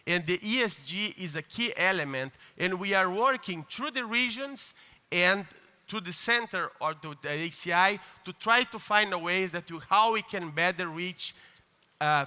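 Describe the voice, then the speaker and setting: A man delivers an earnest keynote in a large conference hall. His voice sits high and sounds very bright. A long hall reverb trails each phrase. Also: clean tone. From Brazil. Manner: earnest, with hesitant fillers and restarts. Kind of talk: formal conference speech.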